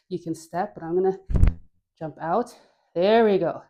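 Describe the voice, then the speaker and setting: A woman's voice: fairly low pitch, measured pace, warm tone. A woman leading a guided dance class, encouraging and playful, often laughing, talking while she dances with a mic on. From Caribbean. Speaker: dance instructor. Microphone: wearing a mic.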